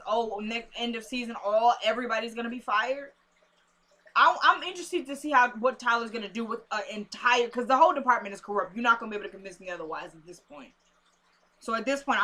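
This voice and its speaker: A woman casually recapping a TV episode, acting out characters' lines in an animated, chatty way. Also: a little high, slight background noise. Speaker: TV recap host.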